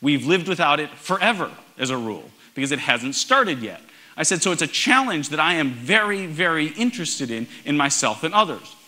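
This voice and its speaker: Middle-aged male speaker, bright and forceful voice, wry storyteller at a conference. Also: on the high side, a little fast. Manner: wry storytelling, animated emphasis. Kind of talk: conference talk. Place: large concert hall stage.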